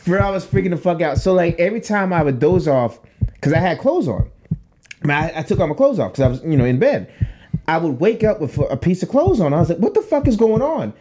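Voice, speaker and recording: A man's voice: fairly high pitch, fast talker, slight background noise. A young man, a podcast co-host, telling a long profane story in casual chat and acting out the voices in it. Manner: animated, profane storytelling with acted-out quotes.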